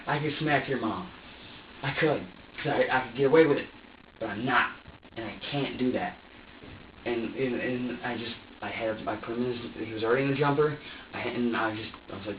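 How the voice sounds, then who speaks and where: A man talks in long agitated bursts, cursing and restarting his sentences. His voice sits at a middle pitch and carries room echo, picked up from a distance, with a dull, muffled tone and a faint hiss underneath. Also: a little fast. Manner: agitated, profane, rambling with many restarts; swings between angry outbursts and quiet muttering. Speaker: suspect under police questioning. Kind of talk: emotional confession to investigators. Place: police interrogation room. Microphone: room recording from a distance. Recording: echoey, distant, dull interrogation-room recording.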